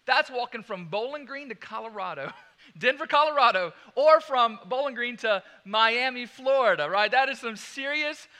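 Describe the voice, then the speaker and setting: Animated high-voiced preacher. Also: male voice, normal speed. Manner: animated, storytelling with laughs and asides. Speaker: pastor. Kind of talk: sermon.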